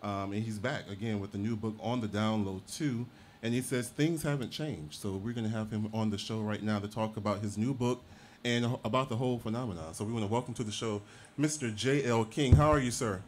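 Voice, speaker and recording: Low-voiced, easygoing man hosting a radio show. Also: brisk, slight background noise. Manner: easygoing, affirming listener. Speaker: host. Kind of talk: radio talk show interview.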